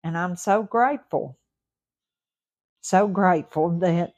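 A woman from the Mississippi Gulf Coast with a Southern accent, hosting a motivational podcast in a warm, folksy, repetitive way while recovering and a little short of breath. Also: low-pitched, unhurried. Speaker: podcast host. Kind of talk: encouraging motivational podcast talk.

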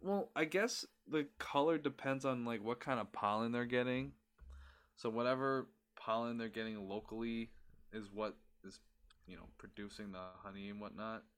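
Bright-voiced man telling a rowdy story. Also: mid-range voice, normal speed. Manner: animated, profane storyteller who acts out quotes. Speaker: podcast co-host. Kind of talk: casual storytelling chat.

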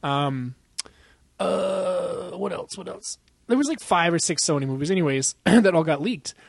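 A man's voice: high-pitched, expressive, unhurried, vocal fry, no room sound. A young man co-hosting a podcast in casual chat, rambling and profane, laughing often and acting out quotes. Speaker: podcast co-host.

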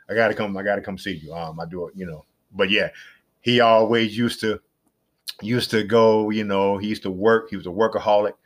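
A middle-aged man hosting a casual solo podcast, chatty and rambling, who repeats himself and jumps up into excited exclamations. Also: on the low side. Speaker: podcast host.

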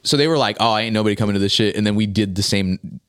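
A young man on a casual podcast, telling a story in a rapid, profane, animated way. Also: on the low side, clear, resonant tone. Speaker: podcast co-host.

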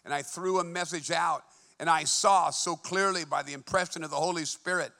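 Male preacher, fervent sermon delivery, bright and tense tone, hushed-to-emphatic swings. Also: on the high side, steady tone, fairly quick, vocal fry. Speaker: pastor. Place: church.

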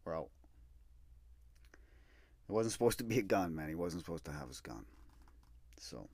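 A man hosting a podcast, telling a personal story in a candid, animated way and acting out what others said. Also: sits low, normal speed, no echo. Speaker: podcast host. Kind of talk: storytelling monologue.

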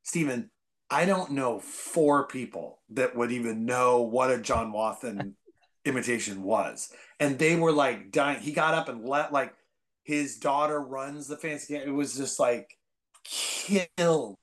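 A man from the Bay Area, a comedian guest, telling rambling stories full of fillers and bursting into loud, excited impressions. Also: medium pitch, unhurried. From San Francisco Bay Area. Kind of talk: casual podcast storytelling.

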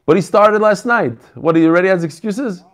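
A man's voice: sits high, lively intonation, a little fast. A man hosting an online learning group over a video call, chatting casually, joking and greeting people by name. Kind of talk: casual chat with group members.

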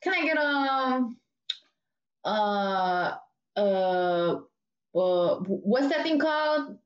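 A woman voicing a dazed, insistent female customer who keeps repeating herself slowly. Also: mid-range voice, lively intonation. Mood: groping. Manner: slow, confused, repeating herself. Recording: dull, roomy recording.

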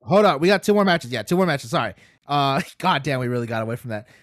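A man co-hosting a casual wrestling podcast, telling stories excitedly, swearing freely and laughing as he goes. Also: medium pitch, fast, no room sound, studio quality. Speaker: podcast co-host.

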